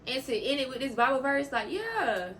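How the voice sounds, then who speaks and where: A woman's voice: high voice, big pitch swings, normal speed, fairly bright tone, slight background noise. A woman vlogger talking casually about faith, heartfelt and openly emotional, rambling and repeating words for emphasis. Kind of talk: casual faith vlog talk.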